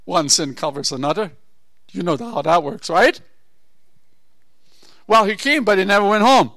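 A man preaching a sermon, telling a Bible story with asides and rhetorical questions, moving from low murmurs to loud exhortation. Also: expressive, normal speed, no echo. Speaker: pastor.

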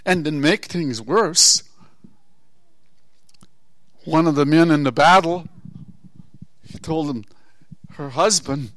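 A man preaching a sermon, telling a Bible story with asides and rhetorical questions, moving from low murmurs to loud exhortation. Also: slow, long pauses, no echo. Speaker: pastor.

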